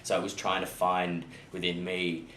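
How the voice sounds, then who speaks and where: A man's voice: deep voice, monotone, moderate pace, a bit bright. A young Australian man, an actor being interviewed, answering casually and easygoingly with frequent ums. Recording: echoey room with faint noise.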